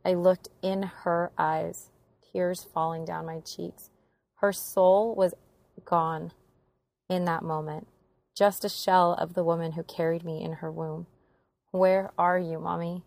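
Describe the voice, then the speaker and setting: Gravelly-voiced young woman telling a story. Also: lowish voice, little pitch movement, slow pace, darkish tone. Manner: earnest, emotional retelling. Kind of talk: personal story narration.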